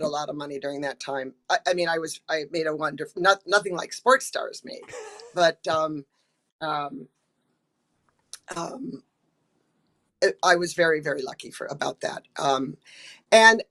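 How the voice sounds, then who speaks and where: Chatting casually in an interview, an older American actress with a lowish, slightly bright voice tells stories. She restarts often, says um a lot, and performs the quotes she recounts.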